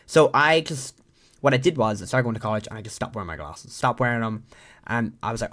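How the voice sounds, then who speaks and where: A man's voice: medium pitch, big pitch swings, a little fast, fairly bright tone. A young Irish man telling a story to camera in a rambling, profane, self-mocking way. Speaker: vlogger.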